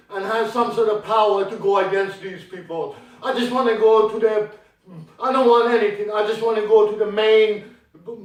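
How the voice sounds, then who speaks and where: A man making a rambling, indignant plea to camera, often stumbling and repeating his words. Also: high-pitched. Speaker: aggrieved dog owner. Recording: very echoey, from far off.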